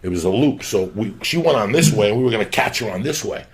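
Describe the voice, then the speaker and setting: A man's voice: on the low side, animated, quick pace. A man telling crude stories in a casual chat, swearing constantly and acting out the voices of people he quotes. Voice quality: gravelly, husky. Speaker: comedian storyteller.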